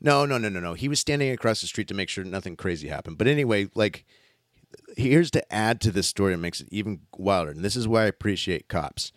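A man telling a story in casual chat, animated and swearing often, acting out what others said. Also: on the low side, quick pace, no echo, studio quality.

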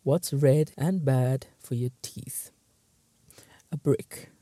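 A man's voice: mid-range voice, takes it slowly, dark tone, no echo. A man hosting his own show, reading out jokes one by one and trying hard not to laugh, muttering and stifling giggles between them. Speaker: host.

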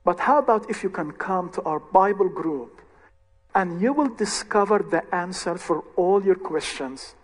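High-voiced man telling a story unhurriedly. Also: expressive, breathy edge. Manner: measured, earnest storytelling in short phrases. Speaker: ministry leader. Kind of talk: recounting a conversion story. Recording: long hall reverb.

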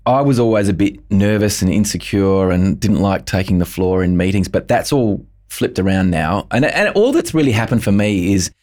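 A man's voice: lowish voice, lively intonation, normal speed, hardly any pauses, darkish tone. A man interviewing a guest in a casual chat, rambling and hesitant with many ums and restarts.

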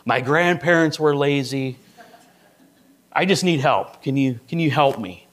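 A man's voice: medium pitch, animated, measured pace, close to an everyday voice. A man voicing an imagined churchgoer who pleads with his pastor for help with laziness. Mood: pleading. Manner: pleading, self-excusing.

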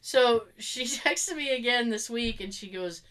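A woman's voice: a little high, lively intonation, a little slow, a bit bright. A woman with a Boston accent, chatting as a podcast co-host and acting out quotes as she tells a story, often breaking into laughs. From Boston area. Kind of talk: casual chat.

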